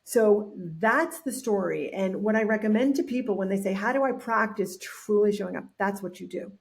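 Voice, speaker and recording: A woman guest on a podcast, telling an anecdote in an animated way, acting out what people said and often restarting her sentences. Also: mid-range voice, moderate pace, gravelly. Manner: animated storyteller acting out quotes, frequent restarts. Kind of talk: storytelling in a podcast interview.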